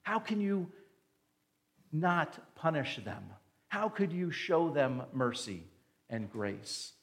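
A man's voice: a little high, big pitch swings, slow, exaggerated voice. A man doing an indignant, resentful prophet. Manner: indignant, accusing rhetorical questions. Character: angry resentful prophet complaining to God.

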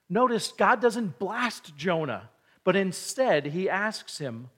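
A man's voice: high voice, sing-song, slow, fairly bright tone. A middle-aged father giving an earnest devotional talk, telling stories and acting out quoted dialogue. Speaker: Christian parenting teacher. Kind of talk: devotional teaching.

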